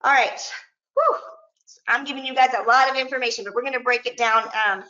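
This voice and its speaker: A woman teacher runs a training session in a high, slightly fast voice that sounds pushed and bright. She explains things step by step and sounds out words as she demonstrates. The recording is lo-fi and dull, with an echoey room.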